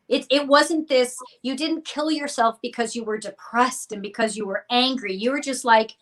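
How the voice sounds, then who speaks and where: A woman giving an earnest, expressive psychic reading on a live stream. She acts out the listener's inner thoughts and laughs between phrases. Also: a little high, normal speed, few pauses, rough recording. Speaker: psychic reader.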